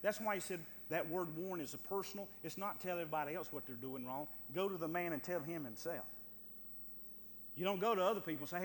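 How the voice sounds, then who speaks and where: A male pastor preaching a sermon in a church, emphatic and repetitive, swinging from loud urging to soft pleading. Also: a little high, lively intonation, normal speed, long pauses, long reverb tail, slight background noise. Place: church sanctuary.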